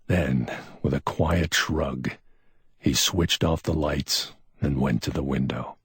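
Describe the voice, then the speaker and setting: A man narrating a crime story in a measured, dramatic storytelling manner, recorded on a close mic. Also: extremely low pitch, a bit bright, husky, dry recording. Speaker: audiobook narrator. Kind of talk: scripted narration.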